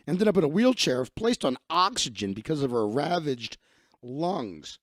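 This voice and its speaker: A man's voice: a little high, big pitch swings, unhurried, no room sound, clean studio sound. A man hosting a live stream, reading news stories aloud and ranting bluntly with heavy profanity.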